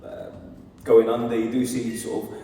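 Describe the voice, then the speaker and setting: A football head coach answering questions earnestly on stage, with many fillers and restarts. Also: male voice, medium pitch, monotone, moderate pace, mellow. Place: large hall at a live event. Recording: echoey hall, mic from far off.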